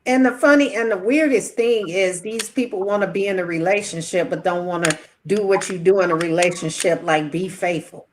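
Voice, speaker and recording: Casting: blunt woman, mid pitch, slight background hiss. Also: a little fast, hardly any pauses. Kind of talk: casual talk.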